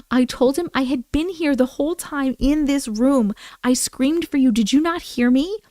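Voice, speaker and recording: A woman hosting a live stream, reading viewer stories aloud and reacting with animated exclamations and swearing. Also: high-pitched, normal speed, hardly any pauses, no echo.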